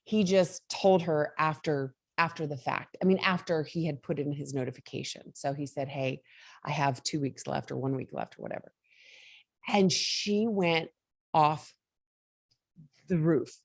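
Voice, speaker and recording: A woman's voice: sits low, a little slow, vocal fry, no echo, studio quality. A woman hosting a casual motivational talk, candid and a little rambling, laughing often as she talks. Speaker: host.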